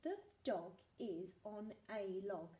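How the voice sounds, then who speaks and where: Speaking slowly in a warm, medium-pitched voice, a primary school teacher runs a recorded phonics lesson for small children. She sounds words out one letter at a time, sing-song and playful, making believe she needs the kids to help her.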